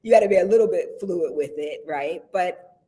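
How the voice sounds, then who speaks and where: A woman's voice: on the low side, normal speed, mellow. A woman guest in casual conversation who tells stories with energy, acts out what people said, and laughs often. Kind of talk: casual chat.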